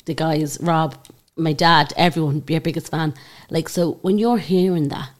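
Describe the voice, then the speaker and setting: Female radio host; low voice, informal, conversational questions. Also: steady tone, normal speed. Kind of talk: radio interview.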